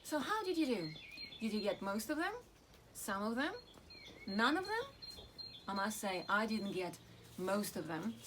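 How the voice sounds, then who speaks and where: A woman's voice: mid-range voice, animated, moderate pace, very noisy. A woman teaching children in a church lesson, explaining simply with everyday examples.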